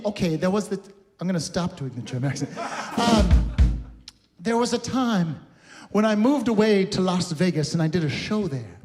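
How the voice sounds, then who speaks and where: High-voiced man telling campy stage stories. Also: animated, normal speed, darkish tone. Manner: chatty, campy storytelling with frequent laughs. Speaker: cabaret singer and host. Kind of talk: live cabaret stage patter. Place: recording studio, live stream.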